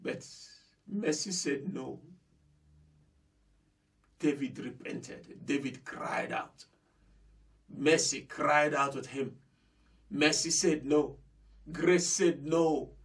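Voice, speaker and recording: A man delivering an impassioned sermon in a fairly high voice, taking his time over each phrase. He repeats lines for weight and speaks straight to his listeners. The recording is distant from the microphone. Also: very slow, pauses often. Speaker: pastor.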